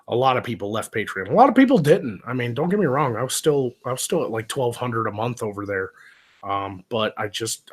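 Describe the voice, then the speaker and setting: A man's voice: lowish voice, a bit bright. A man hosting a livestream, chatting loosely with viewers and laughing often. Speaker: livestream host. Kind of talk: casual livestream chat.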